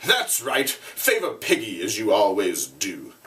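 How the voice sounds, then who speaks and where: A man's voice: lowish voice, huge pitch swings, a little slow, pushed and bright, distant mic, full character voice. A man reading aloud, voicing a defiant, aggressive boy hunter who bullies and mocks in blunt, sneering tones.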